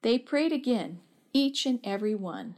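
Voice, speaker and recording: A woman narrating a children's story aloud in a steady, gentle read. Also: a little high, moderate pace.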